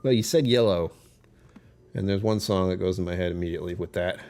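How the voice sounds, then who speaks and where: A man's voice: sits low, brisk, a little mellow. Rambling, self-mocking man streaming. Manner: rambling, self-deprecating, laughs often. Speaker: whiskey channel host. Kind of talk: casual livestream chat.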